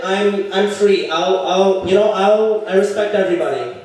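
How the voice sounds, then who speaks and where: On a comedy club stage, a young stand-up comedian delivers crude stories at a moderate clip, barely pausing, and jumps into character voices with jumpy pitch. His tone has a slight mellowness. He's recorded from well off the mic in a heavily reverberant room.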